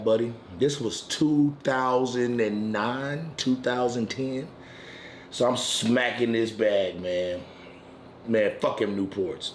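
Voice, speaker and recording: A man hosting his weekly smoke-session stream, telling a wild story in a casual, profane, animated way from home. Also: on the low side, reverberant, a little hiss or hum. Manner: profane, animated storyteller who turns loud and excited at the climax. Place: at home in a residential area.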